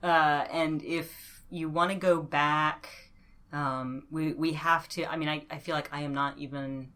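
Low-voiced woman, thoughtful linguist guest. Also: fairly even intonation, measured pace, a bit bright. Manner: thoughtful, with many fillers and laughs. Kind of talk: podcast interview.

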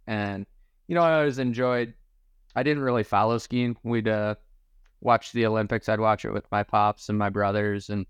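A relaxed man in his forties, raised in Michigan, recalls his past in an easy, rambling way, dropping casual swears and calling people dude. His voice is smooth and clean, and the sound is dry and close. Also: lowish voice, normal speed, no room sound. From Michigan, USA. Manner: laid-back, swears casually, says dude and bro. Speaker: podcast guest, skier. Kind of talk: casual storytelling chat.

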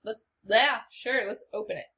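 A woman playing a tabletop game, decisive and quick to suggest plans. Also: on the high side, pushed and bright, breathy edge. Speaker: player.

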